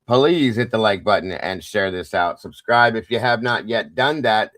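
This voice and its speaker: A man's voice: fairly low pitch, normal speed, a bit bright, no room sound, studio quality. A man hosting a casual livestream, greeting viewers one by one by name with playful sing-song asides. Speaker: livestream host.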